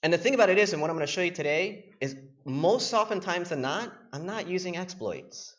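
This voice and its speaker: A young man giving a casual, joking conference talk as a penetration tester, telling anecdotes in an animated way. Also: high-pitched, fairly quick. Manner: animated, joking, acts out voices. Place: conference room. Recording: dull lo-fi conference recording.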